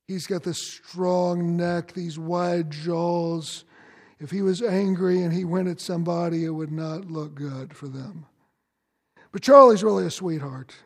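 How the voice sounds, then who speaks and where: A man's voice: high-pitched, creaky, a little mellow, big-room sound. A man preaching a sermon as pastor, earnest and direct, questioning his congregation.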